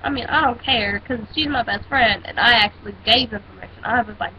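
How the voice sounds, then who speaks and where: A teenage girl vents on her vlog, telling a story in a sassy, dramatic, casual rant. Her voice is a little high and fairly quick, and the recording sounds dull and lo-fi with a faint hiss.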